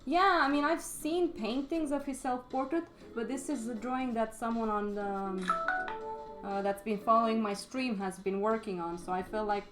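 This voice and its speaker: A woman's voice: a little high, moderate pace, music in the background. Chatty woman teaching drawing on stream. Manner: chatty and frank, swears casually. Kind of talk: casual live-stream drawing lesson. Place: home studio, live stream.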